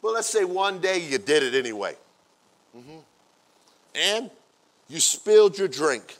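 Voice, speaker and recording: A man preaching as a pastor, acting out everyday scenes in playful quoted voices and building from quiet asides to loud, drawn-out exclamations. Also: fairly high pitch, sing-song. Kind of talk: sermon.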